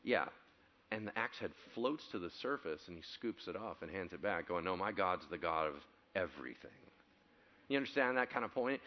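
A male pastor with a low-pitched voice preaches a sermon, animatedly telling stories, acting out quotes and building to loud, excited passages. The highs in the audio are cut off.

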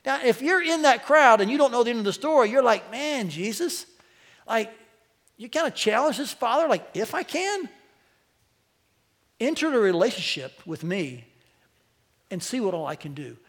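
Man, pastor, sermon, high-pitched, animated, rising on quoted lines. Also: fairly quick. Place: church sanctuary.

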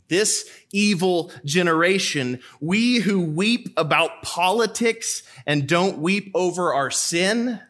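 A man's voice: fairly high pitch, a bit bright. A man, a priest, preaching a sermon in a church, asking rhetorical questions and repeating them for emphasis.

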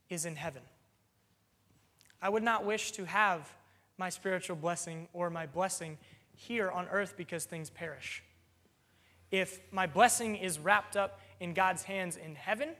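A man's voice: sits high, a bit bright, big-room sound. A man preaching a sermon, earnest and explanatory, working through a text with plain everyday examples and an occasional "um".

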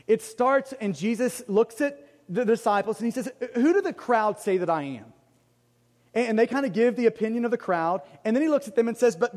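High-voiced pastor preaching in a reverberant hall. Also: male voice, darkish tone. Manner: conversational, self-deprecating, emphatic repetition. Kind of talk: sermon.

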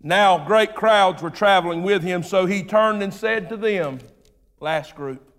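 A pastor preaching an animated sermon, swinging between loud and hushed. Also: male voice, sits high, a little slow. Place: church sanctuary. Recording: long reverb of a large hall.

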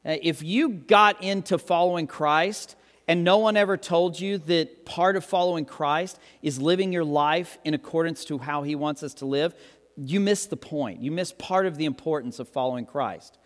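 Animated pastor preaching in a reverberant hall. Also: male voice, moderate pace. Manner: animated, joking, acts out quotes with big pitch jumps. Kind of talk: sermon. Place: church hall with long reverb. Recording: reverberant hall, live sermon.

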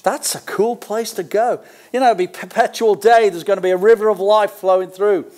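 High-voiced older Australian pastor preaching. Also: male voice, steady tone, brisk, a little mellow. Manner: conversational, with folksy asides between scripture readings. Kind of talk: sermon.

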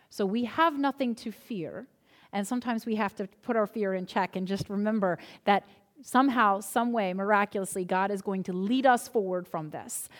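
A woman pastor preaching a sermon, telling a story in a conversational way before turning to earnest reassurance. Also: fairly high pitch.

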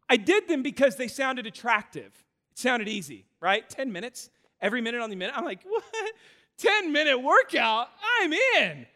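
A man in his thirties preaching a sermon in a church auditorium, telling stories in an animated way with self-deprecating humor. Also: high voice, long reverb tail. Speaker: pastor.

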